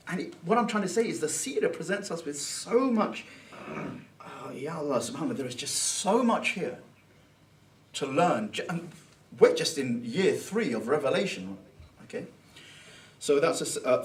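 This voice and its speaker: A man giving an informal Islamic Sunday talk, conversational and thinking out loud, with Arabic phrases mixed in. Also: mid-range voice, far from the mic, slight background noise. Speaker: Islamic teacher. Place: Islamic centre hall.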